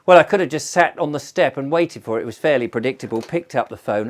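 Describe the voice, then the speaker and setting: A man's voice: medium pitch, lively intonation, quick pace, hardly any pauses. A middle-aged man telling a story in a rambling, conversational way with frequent restarts. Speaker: storyteller host. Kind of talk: chatty spoken storytelling.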